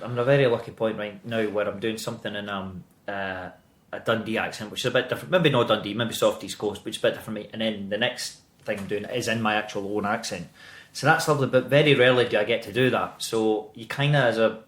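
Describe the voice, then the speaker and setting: A Scottish actor in his thirties chatting as a podcast guest, animated and swearing freely as he tells stories. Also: lowish voice, fast talker, roomy sound. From Scotland. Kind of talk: casual interview chat.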